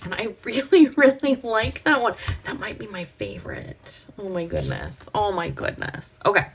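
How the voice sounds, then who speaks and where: A woman's voice: medium pitch, sing-song, moderate pace, slight background noise. A woman hosting a crafting vlog, chatting to herself and her viewers as she works, sometimes dropping to a whisper. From Pacific Northwest. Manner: chatty, talks to herself while working, drops to soft whispers. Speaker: crafting channel host. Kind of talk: casual crafting vlog chat.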